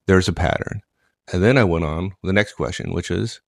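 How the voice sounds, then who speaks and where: A man co-hosting a casual chat, telling a management story with animated repetition. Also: sits low, a little fast, vocal fry, dry recording, clean studio sound. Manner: animated, repeats phrases. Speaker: co-host, manager.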